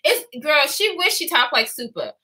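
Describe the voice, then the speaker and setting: An animated young vlogger from Houston, Texas, is spilling a story at a moderate pace. Her high, very bright voice swings widely in pitch as she mimics the people in it.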